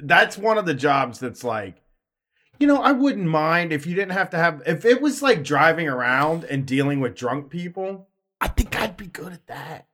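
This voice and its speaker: A man chats casually on a podcast, rambling and restarting his sentences. His voice sits a bit higher than most men's, and he laughs easily. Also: very animated, normal speed, pushed and bright. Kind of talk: casual chat.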